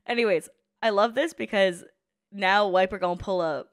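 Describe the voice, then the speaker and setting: A woman's voice: medium pitch, normal speed. A young woman hosting an anime reaction video, talking in a casual, emotional and profane way. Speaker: anime reaction channel host.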